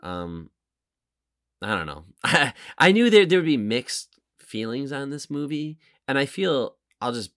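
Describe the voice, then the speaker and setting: A man's voice: medium pitch, sing-song, unhurried, a bit bright, no room sound, studio quality. A man hosting a podcast in casual chat, rambling and hesitant with frequent restarts. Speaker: podcast host.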